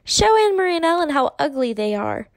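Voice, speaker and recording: Woman doing a stubborn little girl, wailing, bellowing, high-pitched. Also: lively intonation, unhurried, dry recording. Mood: indignant.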